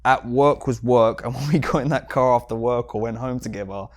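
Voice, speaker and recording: A man with a London accent, a jewellery shop owner, chatting casually as a podcast guest and telling stories about the business. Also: a little fast. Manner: animated storyteller, mimics customers with sudden high bursts.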